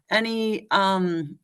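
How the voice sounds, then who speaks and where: A woman's voice: medium pitch, clean tone. A woman hosting a video call, speaking briefly and encouragingly. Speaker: call organizer.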